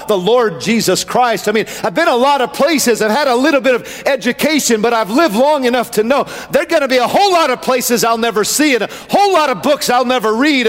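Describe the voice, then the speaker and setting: A man's voice: extremely high pitch, in a large hall. A male preacher delivering a sermon with a rhythmic build that swells into a sing-song chant.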